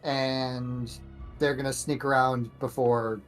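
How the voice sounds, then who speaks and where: A player at a tabletop game, laying out plans in casual, deliberate talk. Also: medium pitch, flat delivery. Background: background music.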